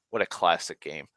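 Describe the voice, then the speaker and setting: A man's voice: low voice, pushed and bright, no room sound. A man rambling in a casual, profane monologue, ranting and complaining at length. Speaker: vlogger.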